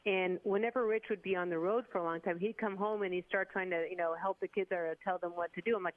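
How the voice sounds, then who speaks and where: A woman in her fifties, a sports broadcaster chatting on a radio show, telling stories in a lively, animated way. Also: on the low side, fast, hardly any pauses. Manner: chatty, animated storyteller who slips into voices. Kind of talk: casual radio chat. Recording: dull remote line.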